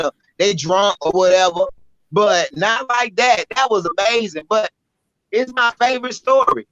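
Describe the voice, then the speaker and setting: A woman with a Southern US accent, a spoken word poet telling a story as an interview guest, animated, blunt and profane. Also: mid-range voice, dry recording. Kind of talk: casual storytelling. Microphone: podcast microphone. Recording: dull lo-fi audio.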